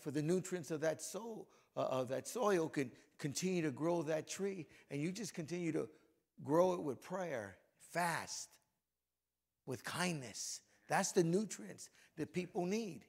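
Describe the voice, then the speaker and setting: A hoarse middle-aged pastor whose gravelly, somewhat high voice moves between easy conversational preaching and fervent prayer. His voice is worn rough from yelling. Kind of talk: sermon and closing prayer at a men's breakfast.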